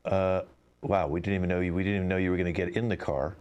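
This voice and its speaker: A low, deep male voice plays a driverless rideshare car , as a man puts it on. He makes polite, insistent announcements over a video call mic. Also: fairly even intonation, fast talker, a little mellow, smooth, highs cut off, close to an everyday voice. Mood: announcing. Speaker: improv performer. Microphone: computer mic on a video call.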